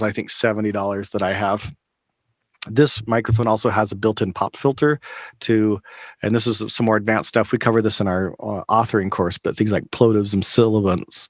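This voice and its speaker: A man's voice: fairly low pitch, a bit bright, dry recording. A man teaching a live online workshop, talking casually with fillers and restarts into a close microphone over a video call. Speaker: workshop instructor. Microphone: studio microphone close up, over a video call.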